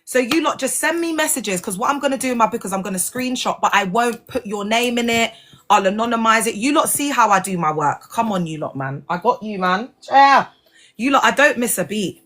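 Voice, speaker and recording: A woman's voice: fairly high pitch, lively intonation, brisk, a bit bright. A woman hosting a casual livestream, talking animatedly and in slang straight to her viewers. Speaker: livestream host, former church member.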